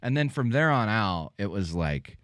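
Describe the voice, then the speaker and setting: A man's voice: on the low side, very animated, moderate pace, fairly bright tone, no room sound. A man hosting a podcast, telling casual rambling anecdotes full of fillers and restarts. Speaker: podcast host. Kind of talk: casual chat, storytelling.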